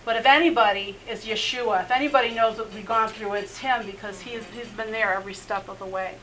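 Bright-voiced woman sharing her testimony. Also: mid-range voice, steady tone, fast talker, few pauses, slight background noise, low-quality recording. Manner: earnest, laughs often, many "you know" fillers. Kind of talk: personal testimony in a faith interview.

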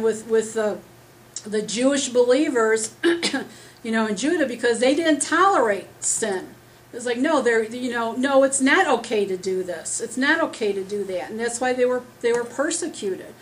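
A woman preaching an earnest, rambling sermon as she starts losing her voice, talking loud without a microphone. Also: on the high side, poor audio. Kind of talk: conversational sermon. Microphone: speaking loud without a microphone.

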